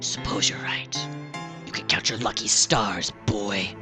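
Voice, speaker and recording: A man voicing a gruff, bullying old father who talks slowly and menacingly. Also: on the low side, steady tone, pushed and bright, soft background music, voice pushed down. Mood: grudging.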